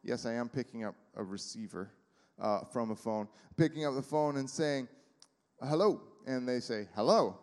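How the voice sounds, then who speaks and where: A man's voice: medium pitch, fairly even intonation, moderate pace, darkish tone, clear, resonant tone. A man preaching a sermon in a church, speaking conversationally with many fillers and acting out little quotes. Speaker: pastor. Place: church sanctuary. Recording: reverberant hall.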